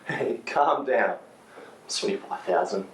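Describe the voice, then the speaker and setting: An actor playing a smooth-talking man who has lost his partner's money, brushing it off glibly. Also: mid-range voice, lively intonation, measured pace, roomy sound, natural voice. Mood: placating. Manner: glib, placating. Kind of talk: drama scene.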